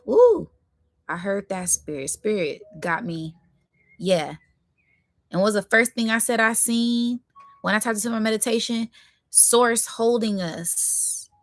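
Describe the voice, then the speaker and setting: Excitable woman doing a live tarot reading. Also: mid-range voice, dry recording, studio quality. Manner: affirming, repetitive, bursts into excitement. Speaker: spiritual tarot reader.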